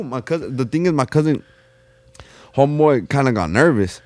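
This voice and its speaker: Fast-talking Los man telling stories. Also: fairly high pitch, darkish tone, dry recording. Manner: slangy, profane, repeats "fool" and restarts. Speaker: podcast guest. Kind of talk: casual storytelling.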